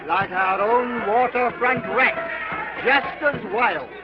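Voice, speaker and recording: A man's voice: very high-pitched, takes it slowly, a loud crowd, heavy background noise. An actor playing a teasing, gallant young man at a fair, in 1930s film style. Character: gallant young man escorting his sweetheart. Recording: dull old film soundtrack.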